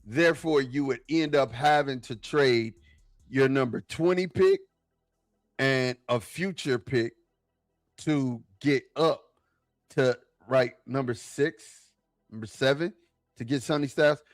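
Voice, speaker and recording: A man talking football in a casual, excitable, slangy way, often repeating himself. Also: medium pitch, takes it slowly, long pauses, no room sound. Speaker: football podcast guest. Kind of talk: casual sports talk.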